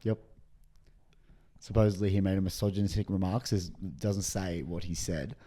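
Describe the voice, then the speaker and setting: Whispered role-play: male co-host, low, mellow, crude joking. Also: steady tone, normal speed. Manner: whispering, reading news aloud, crude joking. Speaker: podcast co-host. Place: hotel room.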